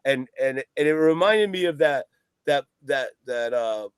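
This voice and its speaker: A man's voice: medium pitch, lively intonation, measured pace, clear, resonant tone, no echo, studio quality. A man guest on a podcast chatting casually about a record, rambling, swearing and laughing often. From East Coast of the US. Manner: rambling, profane, laughs a lot.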